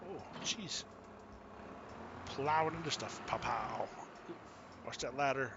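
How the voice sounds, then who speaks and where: A man chatting casually with viewers while he streams a farming game, easygoing and quick to laugh. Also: medium pitch, lo-fi sound, noisy background. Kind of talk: casual live-stream chat.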